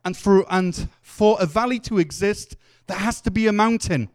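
A man's voice: high-pitched, normal speed. A man preaching a sermon, telling the story earnestly and acting out the quotes. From Wales.

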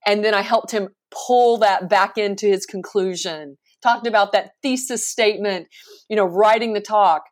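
A woman's voice: medium pitch, normal speed. A woman in her forties, a professional speaker, talking animatedly and emphatically as a guest in a casual interview, often laughing.

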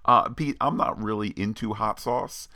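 A man's voice: fairly low pitch, moderate pace, sharp tone, no echo, clean studio sound. A man co-hosting a podcast, talking in a chatty, playful way with plenty of filler words. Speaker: podcast co-host. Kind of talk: casual chat.

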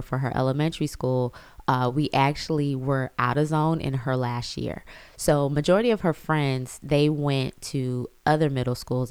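A woman's voice: extremely low pitch, darkish tone, smooth, dry recording. A woman, chatting casually as she tells a family story to her viewers. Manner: chatty, says y'all, acts out quotes. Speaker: vlogger.

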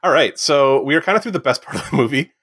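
A man chatting casually about a movie, rambling with lots of fillers and animated retellings. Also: mid-range voice, quick pace, no room sound, studio quality.

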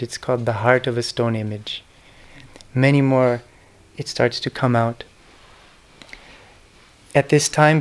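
Middle-aged man, earnest devotional lecturer, smooth clear voice. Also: mid-range voice. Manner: earnest, devotional storytelling with soft, whispered quoted names. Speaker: speaker giving a talk on spiritual history. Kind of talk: reflective spoken lecture.

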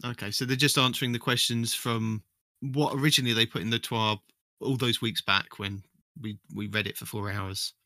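Male podcast co-host, wry and chatty. Bright tone, mid pitch. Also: steady tone, moderate pace, dry recording. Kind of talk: casual podcast chat.

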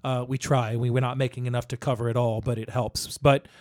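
A man's voice: medium pitch, little pitch movement, brisk, a little mellow, dry recording, studio quality. A middle-aged man co-hosting a podcast, talking in a rambling, casual way with lots of restarts and fillers. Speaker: podcast co-host.

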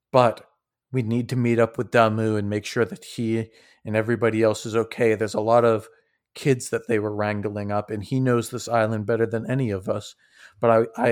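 A man voices a protective, level-headed leader character in a tabletop game. He speaks lower and softer than usual, calm and earnest. Nothing rattles him. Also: dry recording, clean studio sound, close to an everyday voice. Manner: quiet, level, reasoning.

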